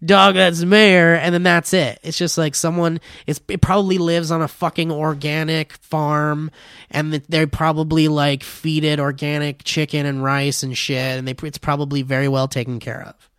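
A podcast co-host chats casually, rambling and swearing between laughs. His fairly high voice barely moves in pitch and runs at normal speed, sounding a bit bright, clear and resonant. The studio recording is clean with no room sound.

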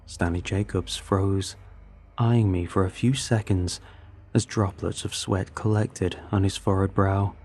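Low husky male storyteller. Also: steady tone, unhurried, darkish tone, soft background music. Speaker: narrator. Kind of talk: first-person story narration.

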